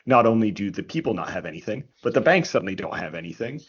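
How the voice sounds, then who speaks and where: A man with a low, husky voice talks through history in a casual, explanatory way. He restarts his sentences often and keeps checking in with "right?". The sound is dull and lo-fi. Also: very animated, fast. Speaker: history podcast co-host. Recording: dull lo-fi recording.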